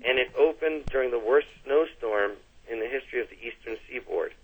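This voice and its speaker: Middle-aged canadian guy rambling through stories in an interview, sounds like a phone line, kinda mid pitch. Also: fairly quick, slightly rough. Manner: chatty storyteller, restarts and fillers, laughs easily. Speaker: guest. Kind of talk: casual interview chat.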